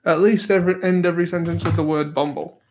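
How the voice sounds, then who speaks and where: A man's voice: on the high side, steady tone, quick pace, darkish tone, slight background noise. A man hosting a casual livestream, reading out chat questions with easy chuckles and self-deprecating remarks. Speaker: livestream host. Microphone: new desktop microphone.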